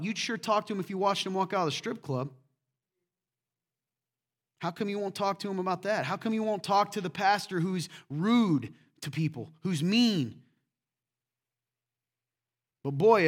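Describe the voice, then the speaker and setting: A man preaching a sermon as pastor, conversational and full of questions to the congregation, swinging between loud emphatic points and quiet asides. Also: fairly high pitch, husky.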